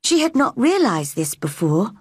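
A woman narrating a storybook slowly and carefully for English learners. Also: medium pitch, big pitch swings, husky, no echo.

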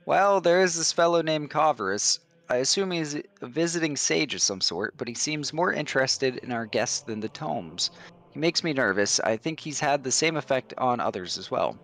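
A man's voice: mid-range voice, lively intonation, normal speed, a bit bright. A man voicing a worried monk, polite and hesitant. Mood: uneasy. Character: worried male monk of a library keep.

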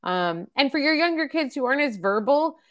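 Animated and high-pitched, a woman speaks a little fast as she presents a parenting webcast. She's in her thirties or forties, and her casual teaching talk is chatty, with lots of fillers and acted-out example quotes.

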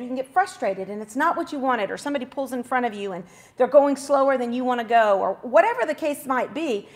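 A woman in her forties hosting a faith talk show, telling a story in a chatty, casual devotional style with quick asides. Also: a little high.

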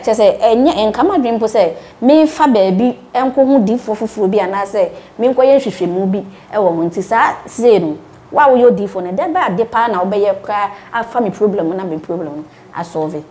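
A woman's voice: medium pitch, moderate pace, mellow. A woman from Ghana, an interviewer asking long, searching questions about faith.

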